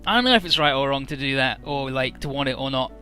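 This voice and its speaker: A man voicing a blunt but caring young woman team leader in a game recap, speaking earnestly and fast. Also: medium pitch, lively intonation, bright, forceful tone, soft background music.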